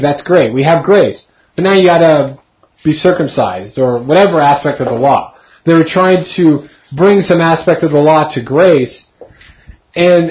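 A man's voice: fairly high pitch, dull audio. A man in his thirties casually teaching a Bible study, talking conversationally and asking his group questions.

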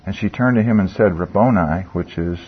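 Husky older man teaching Bible study. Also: low voice, a little fast. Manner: conversational, asks the group questions, with fillers and restarts. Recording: dull lo-fi sound.

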